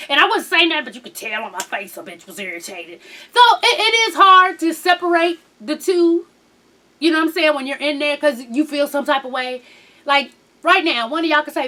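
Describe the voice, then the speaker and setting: A high-voiced woman, her pitch swinging widely as she chats. She recaps a reality show casually and with plenty of swearing, acting out the lines of the people she talks about. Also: a little fast. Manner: animated and profane, mimics people in quotes.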